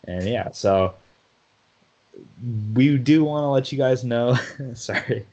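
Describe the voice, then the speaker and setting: A man's voice: medium pitch, slow, warm tone, muffled recording. A man co-hosting a sports podcast in casual chat, talkative, often laughing and restarting his sentences. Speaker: podcast co-host.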